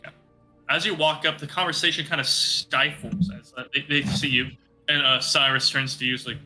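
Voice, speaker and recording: A man's voice: on the high side, steady tone, moderate pace, pushed and bright, faint music behind, rough recording. A man narrating as game master in a casual, rambling way with many fillers.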